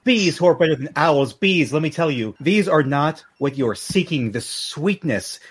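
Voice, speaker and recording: An earnest mouse guard pleading at length and rambling as he goes, as a man puts him on in a tabletop game. His voice is husky and mid-pitched. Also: expressive, moderate pace.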